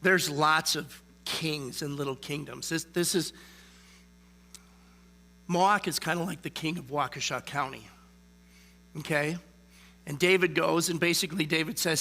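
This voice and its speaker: A man delivers a relaxed, chatty sermon, often pausing to ask "okay?". His voice sits a little high and sounds bright and forceful. A faint electrical hum runs beneath the recording. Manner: conversational, frequent "okay?" check-ins. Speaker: lay preacher. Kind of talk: casual sermon.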